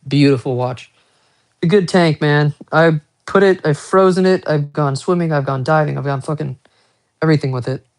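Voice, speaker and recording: A watch-collecting man talks casually on a live stream in a slightly high voice at normal speed. He rambles, swears, pokes fun at himself, and drops chatty asides to viewers.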